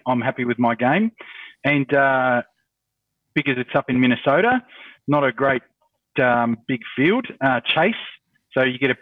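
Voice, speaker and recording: A man's voice: medium pitch, no room sound. A man co-hosting a podcast, talking in an offbeat, joking way over a remote call. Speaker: podcast co-host. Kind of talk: casual podcast chat. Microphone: remote video call. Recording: tinny distant call audio.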